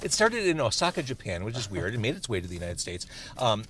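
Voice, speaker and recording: A man hosts a podcast from a parked car, talking in a chatty, playful way. His pitch rises and falls a lot, and a faint hum of noise runs underneath. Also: fast. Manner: chatty, playful, animated delivery. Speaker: podcast host. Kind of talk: casual chat in a car over food.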